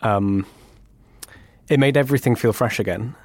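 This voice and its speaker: A man's voice: mid-range voice, normal speed, darkish tone, no room sound. A man hosting a podcast interview, talking in a thoughtful, conversational way with stammering restarts. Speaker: podcast host.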